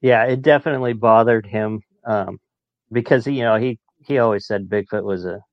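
A man's voice: lowish voice, moderate pace, no echo. A man in his late forties, a podcast guest telling stories in a chatty way and laughing as he talks. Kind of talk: casual storytelling. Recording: dull muffled dry sound.

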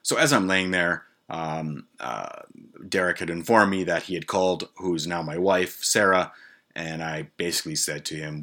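A podcast host with a low, bright, pushed voice tells a personal story on his own show at a moderate pace. He rambles casually, swearing a lot and wandering into side notes.

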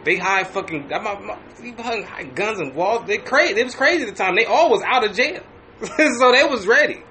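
Podcast host, male, high bright voice, animated profane storyteller, restarts often. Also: normal speed, a little hiss or hum. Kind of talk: casual storytelling.

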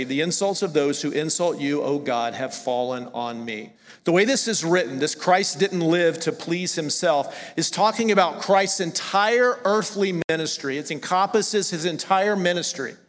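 A middle-aged pastor with a Southern accent preaches in a high, bright voice. He talks in a loose, conversational way, stopping to correct himself and then pressing his points with emphasis. His voice carries with a long reverb from the church hall. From American South. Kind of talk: sermon. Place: church sanctuary.

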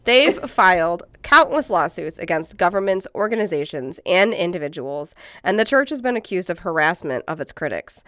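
Low-voiced blunt woman podcaster. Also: very animated, moderate pace, few pauses, a bit bright, dry recording, studio quality. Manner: blunt, swears freely, laughs often. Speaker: podcast co-host. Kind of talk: casual podcast chat.

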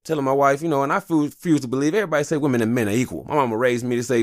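A man's voice: medium pitch, very fast, hardly any pauses, no echo, studio quality. A man in his thirties hosting a podcast, ranting casually and profanely about fatherhood. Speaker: podcast host.

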